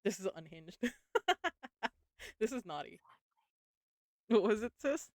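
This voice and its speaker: A woman's voice: medium pitch, lively intonation, slow pace, vocal fry, a little mellow, no room sound. Giggly woman reading aloud, dry sound. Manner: giggly, laughs often, swears casually. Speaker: book reader and live streamer. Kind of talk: live-streamed book reading with chat banter.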